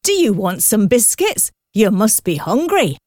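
A woman's voice: mid-range voice, big pitch swings, measured pace, warm tone, no echo, clean studio sound. A woman voicing a cheerful cook who becomes an island queen, sounding sweet, happy and dreamy.

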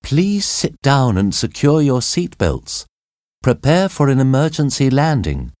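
Guy doing a nervy stewardess voice, way up high, begging folks to sit down, dry recording. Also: huge pitch swings, unhurried, darkish tone, slightly rough, no echo, full character voice. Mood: urgent. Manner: anxious, pleading. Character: nervous young female flight attendant.

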